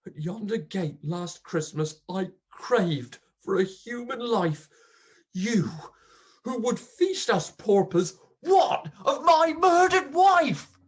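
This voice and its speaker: A grief-stricken old pauper man, bitter and accusing, as a reader recites him. The husky voice moves slowly and swings wildly in pitch, dropping to hushes and surging to cries. It is a melodramatic poetry recitation. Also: exaggerated voice.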